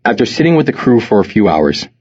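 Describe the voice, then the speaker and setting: A middle-aged man from New York narrating his memoir in a measured, reflective way. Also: lowish voice, very animated, darkish tone, breathy edge. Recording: slightly muffled recording.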